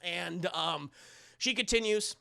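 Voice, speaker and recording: Streamer narrator, bright gravelly voice, profane, laughs a lot. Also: mid-range voice, slow. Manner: profane, animated, laughs often. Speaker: streamer recapping a film. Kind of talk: casual storytelling to chat.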